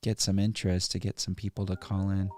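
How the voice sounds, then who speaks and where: A man's voice: low voice, flat delivery, brisk, darkish tone, faint music behind. A man hosting a live stream, chatting in an easygoing way and laughing often. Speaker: livestream host. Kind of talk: casual live-stream chat.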